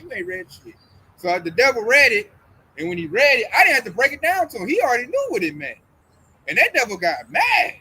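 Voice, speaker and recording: A man's voice: very high-pitched, very animated, fast, bright, forceful tone, slight background noise, poor audio. A man talking casually about religion as a host, emphatic and full of slang, acting out the voices of people he quotes.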